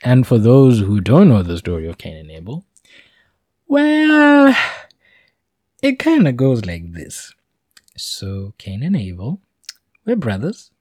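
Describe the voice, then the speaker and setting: Man, casual monologue, meandering asides, animated pitch, dry close recording. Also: dry recording. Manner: meandering and informal, with fillers and asides. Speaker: solo talker.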